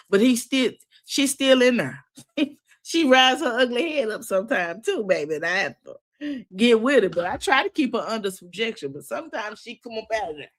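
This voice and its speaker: A middle-aged woman hosting a recap show, chatting casually and with sass. She talks straight to her viewers and laughs often. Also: mid-range voice. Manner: sassy, animated, quick to laugh. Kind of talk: casual opinionated chat.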